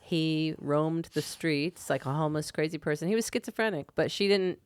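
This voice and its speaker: A woman's voice: low-pitched, normal speed, smooth, dry recording. A woman in her fifties co-hosting a casual chat, chatty and reminiscing, laughing often. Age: 50s. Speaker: podcast co-host.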